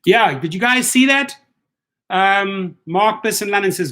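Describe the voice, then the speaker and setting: A man's voice: high-pitched, expressive, measured pace, pushed and bright. A man hosting a live stream, reading viewer comments aloud and calling things out in a blunt, indignant way that often repeats itself.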